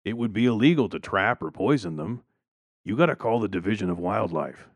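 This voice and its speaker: A man's voice: lowish voice, animated, brisk, no echo. A man voicing a polite, businesslike pest controller. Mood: apologetic. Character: matter-of-fact male pest controller.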